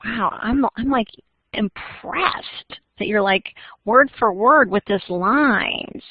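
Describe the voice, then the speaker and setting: A woman teacher runs an online algebra class, chatty and laughing, with many fillers. Her voice is on the high side, expressive, husky and slow, with no echo. She's picked up by a computer mic, giving dull, dry, lo-fi audio.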